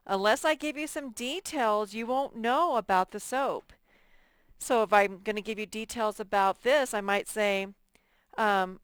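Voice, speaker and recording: A woman's voice: mid-range voice, a little slow, smooth, no echo. A woman teaching a reading lesson to young children, drawing out words and sounding out letters. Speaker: first-grade teacher.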